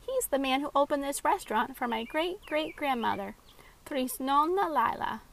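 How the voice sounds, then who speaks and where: A woman's voice: sits high, expressive, normal speed, creaky, fairly bright tone, slight background noise, pitched above the performer's own voice, exaggerated voice, poor audio. A woman voicing a patient young girl who explains things to younger kids.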